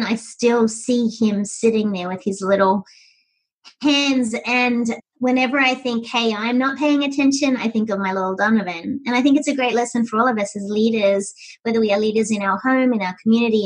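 A woman talking as a podcast guest, telling stories with lively, animated energy. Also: on the high side, brisk, low-quality recording. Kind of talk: conversational storytelling.

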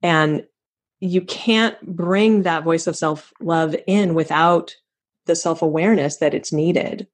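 Woman hosting a podcast, thoughtful and affirming, kinda low voice. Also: takes it slowly. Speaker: podcast host. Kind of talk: reflective interview chat.

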